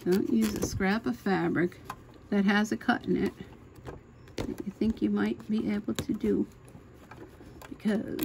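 A woman's voice: medium pitch, steady tone, measured pace, creaky, pauses often. Chatty middle-aged woman over sewing machine hum. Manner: chatty, thinking aloud while she works. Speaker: sewing channel host. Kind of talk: casual machine-embroidery tutorial. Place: home sewing room. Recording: noisy home recording with machine hum. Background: sewing machine running.

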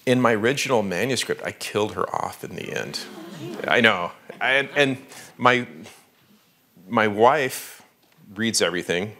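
Een lage mannenstem die levendig vertelt. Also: male voice, lowish voice. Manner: animated storytelling with fillers. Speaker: author at a library talk. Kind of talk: conversational author talk.

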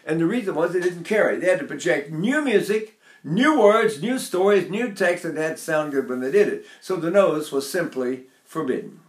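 Older male vocal coach, higher speaking pitch, echoey classroom sound. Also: animated, normal speed, hardly any pauses. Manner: talks to his class, breaks into brief sung and nasal demonstrations. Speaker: voice teacher. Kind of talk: vocal lesson with sung demonstrations.

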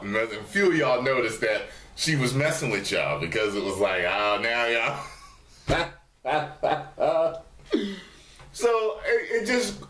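A man chats loosely to the camera from his studio apartment's dining room, his voice mid-range and the room echoey. He's animated and swears freely, putting on a raised voice to imitate his commenters.

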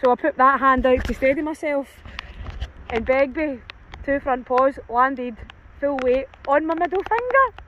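High-voiced woman walking dogs. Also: animated, measured pace, lo-fi sound, slight background noise. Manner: chatty and self-mocking, laughs often. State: run down with a cold. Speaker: dog walker vlogger. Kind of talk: casual outdoor vlog chat. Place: open field outdoors in cold rain.

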